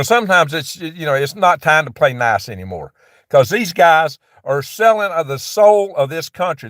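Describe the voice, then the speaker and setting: A man's voice: on the high side, fairly bright tone, no echo, clean studio sound. A man hosting a live stream and ranting heatedly, mocking others in put-on voices. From American West. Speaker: channel host.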